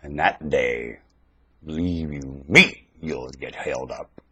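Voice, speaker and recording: A man delivering a preachy ranting monologue into a webcam at home, jumping between shouted outbursts and low mutters and firing rhetorical questions at the listener. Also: big pitch swings, takes it slowly, breathy edge. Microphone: webcam microphone.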